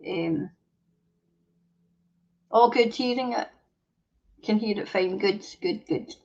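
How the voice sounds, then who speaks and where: A Scottish woman with a darkish, mid-range voice takes it slowly as she hosts a livestream, ranting angrily, cursing plenty, and reading viewer comments aloud. The stream audio sounds dull and lo-fi.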